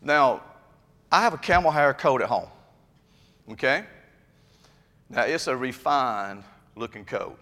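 A man preaching a sermon to his congregation, chatty and folksy, building up to loud emphatic stretches. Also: medium pitch, expressive, a little slow, pauses often. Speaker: pastor. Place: church sanctuary. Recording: long reverb of a church hall.

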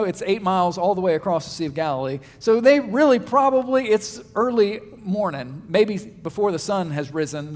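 A man preaching a sermon in a conversational, animated way, asking his listeners questions. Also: sits high, big-room sound. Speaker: pastor.

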